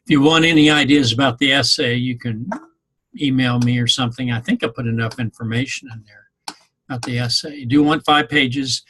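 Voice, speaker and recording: A man's voice: mid-range voice, steady tone, fairly quick, sharp tone, slight background noise. A man giving a rambling, conversational class talk to his students. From Missouri, USA. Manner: rambling, conversational, with many ums. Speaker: instructor. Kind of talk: informal recorded class talk.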